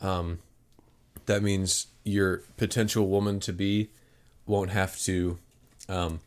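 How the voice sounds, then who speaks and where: A man's voice: sits low, level tone, slow. A young man co-hosting a podcast, laid-back and joking through an improvised bit. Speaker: podcast co-host. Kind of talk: improvised comedy chat.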